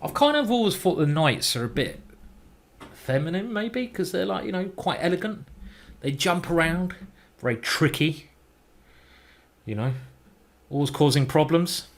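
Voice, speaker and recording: A man's voice: on the high side, expressive, a little slow, pauses often. A man streaming a chess game, chatting and thinking aloud as he plays, with mild swearing. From England. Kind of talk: live game commentary.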